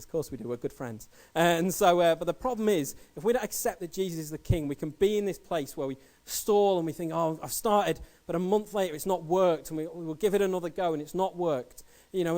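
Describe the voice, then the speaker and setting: Quick-paced male preacher, fairly high voice, storytelling sermon style. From England. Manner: storytelling, animated anecdotes.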